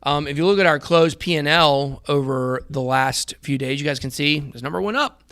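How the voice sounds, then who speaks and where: A man in his thirties hosts a casual crypto trading show, rambling through charts and talking straight to viewers, whom he calls "guys." His voice is on the high side and a bit bright, with a clean tone, no echo, and a moderate pace.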